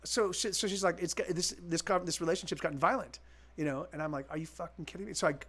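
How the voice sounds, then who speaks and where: A man's voice: high-pitched, fast talker, fairly bright tone. A man in his forties, a musician chatting casually with his stream viewers, rambling with lots of restarts and swearing freely. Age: 40s. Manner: rambling, full of restarts and repeats.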